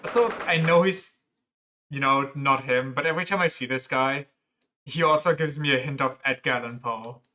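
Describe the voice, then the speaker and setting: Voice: mid-range voice, normal speed, pushed and bright. A streamer playing through a story game, reading lines aloud and joking about the characters. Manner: joking, reads dialogue aloud plainly. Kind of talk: game playthrough commentary.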